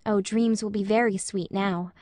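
A woman reading the lines of an imaginative, affectionate young woman, with soft, emotional delivery. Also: mid-range voice, steady tone, normal speed, dry recording, studio quality, natural voice. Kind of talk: audiobook character reading.

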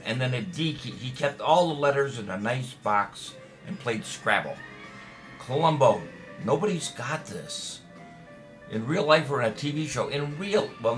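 A chatty man hosts a home trivia stream with an easygoing, middle-pitched voice. He rambles between questions with groan-worthy puns and calls out viewers' names. Clear music plays under his talk. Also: fairly bright tone. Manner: jokey, chatty, reads out viewer names and answers. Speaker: trivia show host. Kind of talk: casual live-stream trivia hosting.

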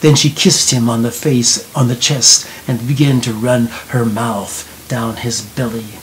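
Slow and gentle, a man's storybook narration frequently softens almost to a whisper in the quiet parts. The recording is poor quality, carrying a faint, constant hiss.

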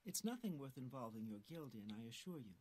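A woman's voice: rumbling low, very animated, brisk, a little mellow, breathy edge, heavily acted. An actress playing a scheming female mage in a fantasy game, haughty and conspiratorial.

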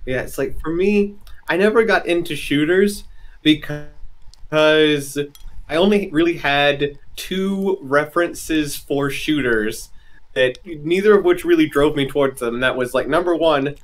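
A man's voice: fairly high pitch, measured pace. A man, a game designer guest in a casual interview, explaining at length in an earnest way with lots of "you know" and "like".

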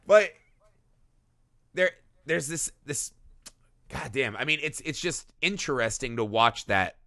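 A man co-hosting a film podcast, talking casually and profanely, slipping into quick character voices. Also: medium pitch, lively intonation, bright, forceful tone, no room sound, clean studio sound. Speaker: podcast co-host.

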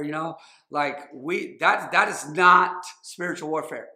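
A man in his thirties delivers a sermon from the church sanctuary, his high-leaning, sharp voice lively in intonation yet unhurried. As pastor he speaks emphatically, repeating phrases and acting out quotes, and the hall echoes around him.

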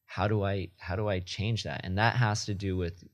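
Low-voiced and moderately paced, with fairly even intonation, a yoga teacher guesting on a podcast chats casually, reflective and matter-of-fact, frequently starting his thoughts over.

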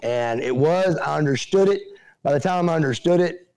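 A middle-aged man, a guest telling animated stories and acting out what people said. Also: on the high side, moderate pace, smooth. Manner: animated, acts out quotes in other voices. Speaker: interview guest, former pro wrestler. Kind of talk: casual storytelling.

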